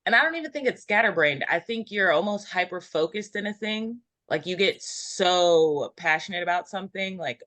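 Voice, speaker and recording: A woman giving an intuitive numerology reading in a casual group chat, meandering and filling pauses with ums. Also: fairly low pitch, animated, a bit bright, dry recording. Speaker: numerology reader.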